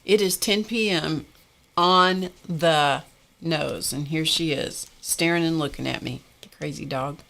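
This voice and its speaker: A woman's voice: sits low, expressive, normal speed, gravelly, few pauses, fairly bright tone. A woman hosting a casual art live stream, chatting while she works and laughing often. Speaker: art livestream host.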